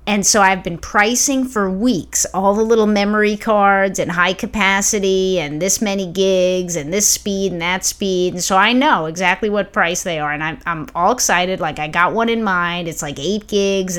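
A woman co-hosting a podcast who tells long, animated, rambling stories in casual conversation. Her voice sits at a middle pitch. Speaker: podcast co-host. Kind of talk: casual chat.

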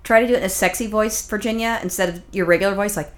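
A woman co-hosting a podcast who talks fast and cracks jokes. Her delivery is blunt and profane, and she stays in casual banter with her partner. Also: mid-range voice, fairly even intonation. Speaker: podcast co-host. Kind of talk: casual chat.

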